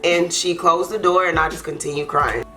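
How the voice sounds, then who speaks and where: A young woman with a slightly low voice tells a heartfelt storytime, earnest and unpolished, dotting her talk with casual fillers. Soft music plays faintly underneath. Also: steady tone, normal speed. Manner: earnest, heartfelt, loose with fillers like "like" and "you know". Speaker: YouTube co-host. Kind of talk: emotional storytime.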